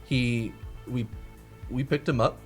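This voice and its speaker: A man playing in a tabletop game, speaking in character in a dry, deadpan way, over background music. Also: mid-range voice, slow pace. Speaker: player. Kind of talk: in-character tabletop role-play.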